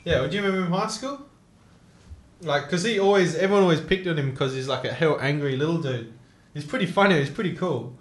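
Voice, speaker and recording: A man's voice: on the high side, quick pace. Swearing young man, echoey room. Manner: laughing, swearing storyteller. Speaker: co-host. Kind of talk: casual chat.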